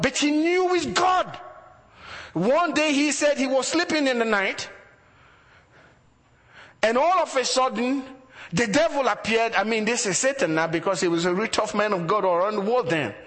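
A man's voice: extremely high pitch, fairly bright tone, in a large hall. A man preaching a sermon as a pastor, building emphasis through repeated phrases.

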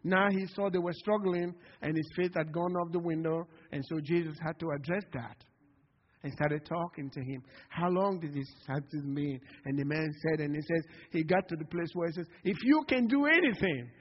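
Impassioned pastor preaching in a reverberant church. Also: male voice, on the high side, fairly even intonation, normal speed. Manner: impassioned preaching, calls of "Amen?" to the congregation. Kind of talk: sermon. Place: church sanctuary. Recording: long hall reverb, dull lo-fi sound.

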